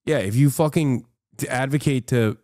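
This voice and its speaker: A man's voice: medium pitch, normal speed, warm tone, dry recording, studio quality. An American man live-streaming, reacting to posts and chat in a profane, combative, mocking rant. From United States.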